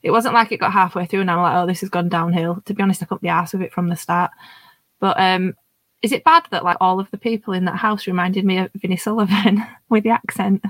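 A woman's voice: medium pitch, fairly even intonation, quick pace, a bit bright, dry recording. A woman chatting casually about a film, hesitant and full of restarts, laughing often. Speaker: panelist. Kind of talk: casual film review chat.

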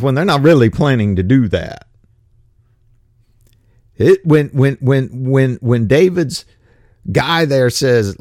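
A man's voice: medium pitch, sing-song, a little slow, no echo, studio quality. A man giving casual Bible commentary in a folksy, colloquial way with frequent restarts. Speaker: Bible teacher.

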